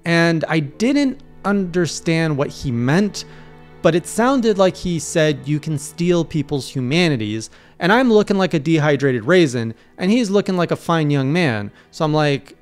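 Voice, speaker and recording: A man's voice: fairly high pitch, animated, normal speed, clear, resonant tone, faint music behind. A young man recapping a video game run in a casual video journal, acting out his own panicked reactions as he tells it. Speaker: streamer recapping his playthrough.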